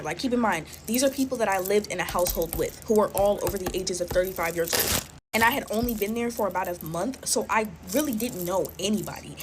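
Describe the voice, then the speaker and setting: A woman's voice: medium pitch, background noise. A woman in her twenties chatting casually while making slime, drawling and filling her talk with "like" and "y'all". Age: 20s.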